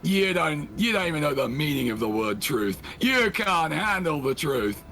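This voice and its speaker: Male gamer, bright and animated, over-the-top mock outrage in banter. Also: medium pitch, moderate pace, faint music behind. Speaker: co-op stream guest. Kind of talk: casual gaming chat.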